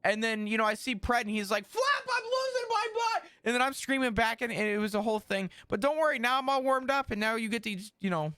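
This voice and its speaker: A man streaming a roleplay game, talking in an excitable, rambling, self-mocking way. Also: high-pitched, quick pace, hardly any pauses, smooth, dry recording, clean studio sound. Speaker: streamer roleplaying a cadet police character. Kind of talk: animated roleplay streaming chatter.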